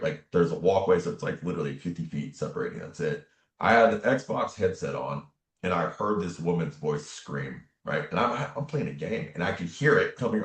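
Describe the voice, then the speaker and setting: An interview guest with a very deep voice recounts something from his own life, earnest but relaxed, and he keeps throwing in "man" and "right?". There's a clear echo, as though he's in a roomy space.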